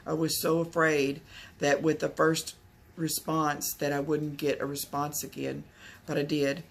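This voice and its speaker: A woman's voice: deep voice, little pitch movement, unhurried, gravelly. A woman from Texas, telling a personal story to camera in a rambling way, full of fillers and restarts. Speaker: vlogger.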